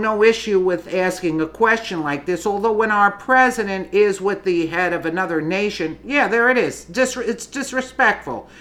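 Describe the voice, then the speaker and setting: A woman's voice: mid-range voice, fairly bright tone. A woman giving opinionated political commentary, indignant and emphatic, often restarting her sentences.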